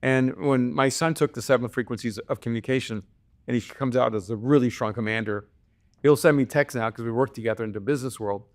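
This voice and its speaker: Male interview guest, lively anecdotal storyteller who laughs through his stories. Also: medium pitch, brisk. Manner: animated, laughs often while telling stories. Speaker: podcast guest, author. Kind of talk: conversational storytelling.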